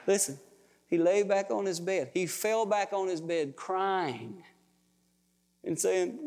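A man's voice: high-pitched, takes it slowly, pauses often, darkish tone. A man preaching a sermon, telling family stories in a folksy, emotional way. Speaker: pastor. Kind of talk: storytelling sermon. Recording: long reverb of a large hall.

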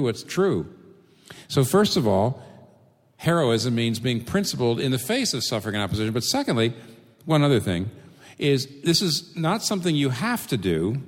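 Animated man preaching in a reverberant hall. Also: medium pitch. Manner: animated, rhetorical questions, repeats phrases. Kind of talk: sermon.

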